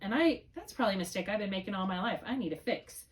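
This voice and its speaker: A woman's voice: mid-range voice, expressive, quick pace. A middle-aged woman tutoring a student in spelling, patient and encouraging, drawing out syllables to model them. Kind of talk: one-on-one spelling lesson.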